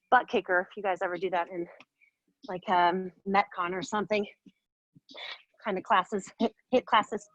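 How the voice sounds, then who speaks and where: A woman's voice: fairly high pitch, a bit bright, dry recording, highs cut off. A woman teaching a yoga class, giving upbeat, playful cues while moving and a little out of breath. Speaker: yoga instructor. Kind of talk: guided yoga class instruction.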